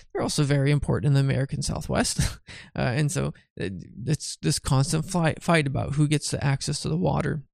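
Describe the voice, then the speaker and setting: A man's voice: a little high, gravelly, darkish tone, no room sound, clean studio sound. A tired, yawning man teaching a Bible study in a chatty way, often asking "right?" and restarting his phrases.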